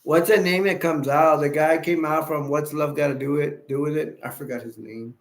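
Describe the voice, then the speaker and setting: A man's voice: on the high side, fairly even intonation, moderate pace. A man hosting a casual livestream chat, rambling and playful and laughing easily as he reads viewer comments. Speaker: livestream host. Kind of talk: casual live stream chat.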